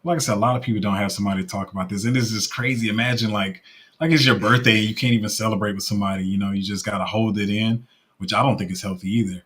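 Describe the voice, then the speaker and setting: Low-voiced man hosting a casual livestream. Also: steady tone, racing, a bit bright. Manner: rambling, emotional, laughs easily. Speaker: crypto livestream host.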